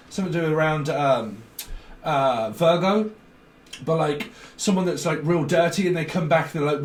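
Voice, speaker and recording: A man's voice: a little high, moderate pace, roomy sound, recorded from a distance. A man gives a tarot reading, rambling and free-associating, full of fillers and swearing. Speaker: tarot reader.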